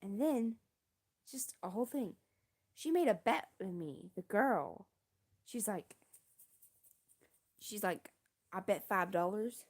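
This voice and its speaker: A woman's voice: medium pitch, lively intonation, slow, long pauses, slightly rough. A young woman streamer telling a story in a casual, rambling, self-deprecating way, full of slang.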